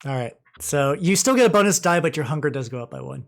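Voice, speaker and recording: A man's voice: fairly high pitch, lively intonation, creaky, faint music behind. Laid-back male game master. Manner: quick stuttering restarts, laid-back and profane. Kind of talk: narrating a tabletop game.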